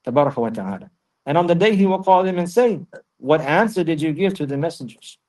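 Fast-talking man teaching a religious lesson. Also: a little high, lively intonation, a little mellow. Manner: recites Arabic verses quickly, then explains in English; repeats phrases for emphasis. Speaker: Islamic teacher. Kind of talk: religious lesson explaining a text.

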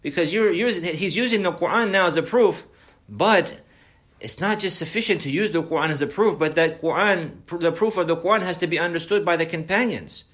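Animated man preaching with rhetorical questions. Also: high voice, fairly quick. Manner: mixes Arabic phrases into English. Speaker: Islamic preacher. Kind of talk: religious lesson.

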